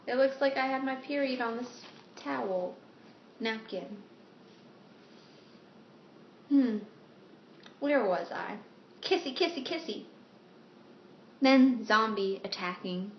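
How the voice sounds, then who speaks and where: A woman vlogger chatting casually and mocking herself in a giggly way, in a room at home. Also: mid-range voice. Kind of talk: casual vlog chat. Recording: roomy dull home video with faint hiss.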